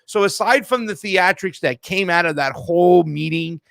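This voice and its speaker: A man's voice: sits high, moderate pace, vocal fry, fairly bright tone, no echo. A man hosting casual political commentary, slangy and mocking, often laughing and calling his viewers fam. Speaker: host.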